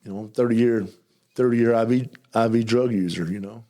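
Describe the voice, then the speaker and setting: A middle-aged man with a Southern US drawl recounts his story in a loose, conversational way. His words tumble out quickly in places, with stutters, restarts and a mumbling delivery. His voice sits at an ordinary pitch for a man. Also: mellow. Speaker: guest telling his testimony. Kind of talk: casual storytelling interview.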